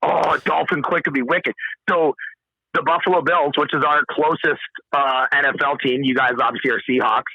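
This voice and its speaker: A man's voice: a little high, fairly even intonation, moderate pace, creaky, breathy edge, no echo, lo-fi sound. A man chatting as a guest on a live stream, goofy, playful and rambling. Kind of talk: casual chat over a live stream call.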